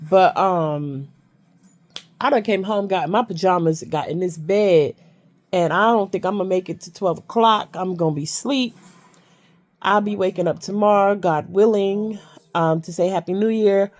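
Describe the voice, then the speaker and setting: A woman's voice: medium pitch, normal speed. Grandmother vlogger, congested, easygoing home chat. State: stuffy with a cold. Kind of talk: casual chat to viewers. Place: in bed at home.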